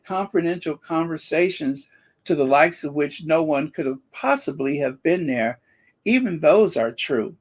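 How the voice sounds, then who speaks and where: A man hosting a commentary channel, talking in a sarcastic, rambling monologue full of fillers and restarts. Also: medium pitch.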